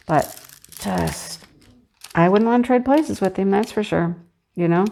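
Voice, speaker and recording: A woman's voice: medium pitch, a little slow, gravelly, long pauses, a little mellow, slight background noise. A middle-aged woman chatting casually while she works on a craft, telling a story in a chatty, sympathetic way and quoting what others said. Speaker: crafting channel host.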